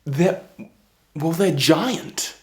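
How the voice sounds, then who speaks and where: Playful, lively storyteller man. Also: on the high side, very slow. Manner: playful, chatty asides to the listener. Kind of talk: casual storytelling with asides. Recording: echoey room.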